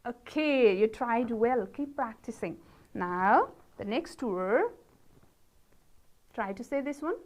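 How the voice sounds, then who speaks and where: A woman teacher with a Nepali accent leading a pronunciation lesson, modelling each word slowly and praising her pupils. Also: on the high side, expressive. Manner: slow, drawn-out model words with encouraging praise. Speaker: English teacher.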